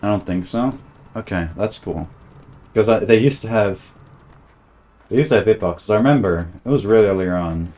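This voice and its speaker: A man's voice: on the low side, animated, moderate pace, long pauses, darkish tone. A man streaming a game, chatting casually and thinking aloud as he plays, often trailing off and restarting. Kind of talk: casual gameplay commentary.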